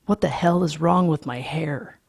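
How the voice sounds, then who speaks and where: A cold, irritable young yuppie man, read by a woman, muttered low and half-whispered in a gravelly, husky voice. Dark and slow, like a storybook reading. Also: exaggerated voice.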